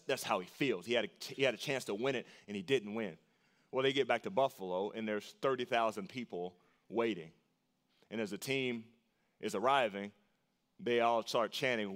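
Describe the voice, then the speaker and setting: Earnest preaching pastor, emphatic repeats. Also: male voice. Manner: earnest preaching, repeats phrases for emphasis, pitch leaps on key lines. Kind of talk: sermon.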